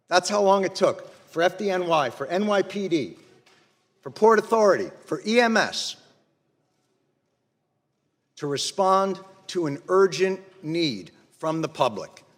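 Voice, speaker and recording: A man giving impassioned, angry testimony at a hearing, blunt and building to forceful emphasis. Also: high voice, lively intonation, unhurried, pauses often. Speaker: witness testifying before Congress. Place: large hearing room. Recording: long reverb of a large hall.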